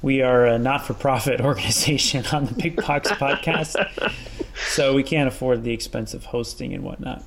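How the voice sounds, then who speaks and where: Gravelly-voiced man hosting a podcast. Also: medium pitch, normal speed, noisy background. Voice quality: rambling, joking, laughs often. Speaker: podcast host. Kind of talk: casual podcast chat.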